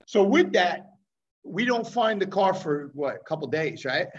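A man telling a story to a friend in casual talk, lively and checking in with rhetorical questions. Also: sits high, unhurried, highs cut off.

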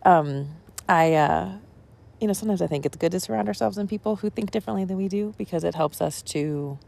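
A woman's voice: on the low side, brisk, gravelly, a little mellow. A woman pastor talking casually about her sermon, rambling and conversational with many asides. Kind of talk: casual spoken reflection on a sermon.

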